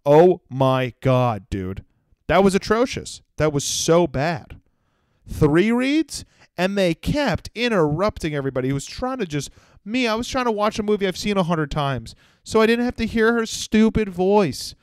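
A young man tells a crude comic rant about a fellow passenger, and his voice swings up and down as he mocks people. The voice is fairly high for a man, smooth and clear. The sound is dry and close to the mic. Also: normal speed, dry recording. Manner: crude, animated storytelling with mocking impressions. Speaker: comedian podcast host. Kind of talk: solo comedic rant.

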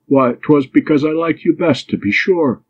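A man's voice: a little high, moderate pace, breathy edge, pitched above the performer's own voice. A man voicing a bold, teasing young woman in love, speaking pertly and pleadingly in an audiobook. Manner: pert, mischievous, pleading. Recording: dull lo-fi recording.

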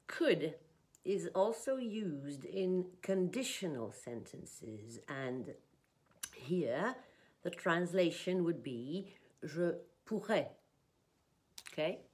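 A woman teaching an English lesson, reading example sentences and explaining grammar in a slow, deliberate way. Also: fairly low pitch, darkish tone.

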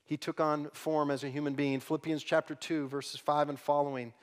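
A man preaching a sermon as pastor, dropping to soft, hushed lines and then building to loud, emphatic passages. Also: fairly high pitch, flat delivery, a little fast, clean tone. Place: church sanctuary.

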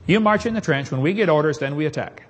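A steady, matter-of-fact sergeant, put on by a preacher telling a story. His voice is husky and pitched a little high, and he lays down the rules without fuss. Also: quick pace, big-room sound, highs cut off. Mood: firm. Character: weary patient older male army sergeant.

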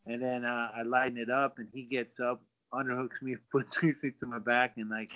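Animated man telling a fight story. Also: medium pitch, a little fast. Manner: animated, acts out quotes with lots of fillers. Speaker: guest, former pro fighter. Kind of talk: casual storytelling. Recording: dull lo-fi sound.

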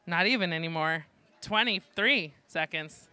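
Here a trivia host with a New York accent leads a live game show for students in a library, full of playful jokes aimed at the audience. His mid-range voice swings widely in pitch at a measured pace, sounding pushed and bright, and the recording has no room sound.

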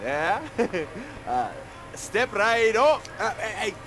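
A cocky young campmate in a video game, playful and showy. His pitch sits a bit high and swings widely, and he takes his time with the lines. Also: sing-song, slow pace, music in the background, exaggerated voice.

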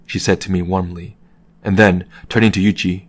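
Deep-voiced man reading a novel calmly. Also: normal speed. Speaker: audiobook reader. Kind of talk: scripted narration of a novel.

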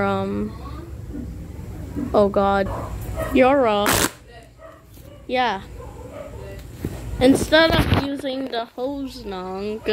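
A woman's voice: fairly high pitch, background noise. A woman giving casual commentary over gameplay, rambling and joking with meme references. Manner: rambling, jokey, meme-quoting. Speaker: gaming channel host.

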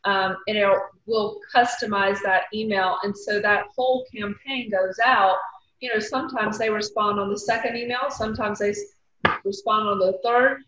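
A woman's voice: mid-range voice, fairly even intonation, moderate pace, a bit bright. A woman with a Southern accent on a video call, casually explaining things to a panel in a chatty way with many fillers. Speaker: recruiter on a panel. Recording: muffled echoey video call audio.

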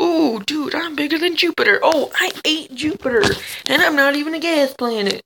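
A high-pitched male gamer with a heavily gravelly, fry-laden voice that swoops all over the place. He chatters excitedly at other players and yelps when things go wrong. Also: moderate pace, slight background noise, low-quality recording. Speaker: gamer and channel host. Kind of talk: let's play commentary.

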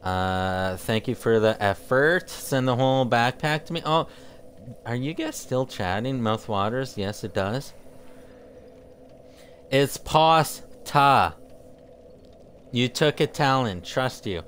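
A man's voice: mid-range voice, measured pace, a little hiss or hum. A man streaming a video game, chatting casually with viewers and often tripping over his words. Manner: rambling, jokey, trips over his words. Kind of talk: casual chat with live viewers while gaming.

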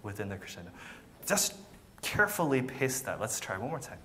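A man's voice: mid-range voice, big pitch swings, a little fast, bright, forceful tone, a little hiss or hum. A man teaching a violin masterclass, encouraging and patient, often repeating words and counting beats aloud. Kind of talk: masterclass coaching.

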